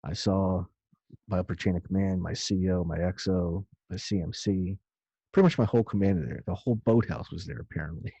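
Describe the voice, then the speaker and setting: A man's voice: low voice, fairly even intonation, brisk, creaky, mellow, husky, no echo. A man casually recounting a story of his own in a loose, rambling way, with some swearing. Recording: dull lo-fi dry recording.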